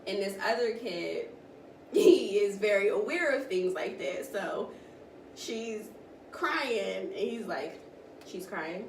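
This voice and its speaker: A woman co-hosting a casual podcast chat, telling stories in an animated way and often laughing. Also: medium pitch, takes it slowly, creaky. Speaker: podcast co-host. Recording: roomy, distant mic, faint noise.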